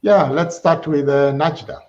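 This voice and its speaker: A man's voice: a little high, unhurried, darkish tone. A man hosting a live online panel, speaking hesitantly with many fillers. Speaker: host. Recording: dull, lo-fi line with faint noise.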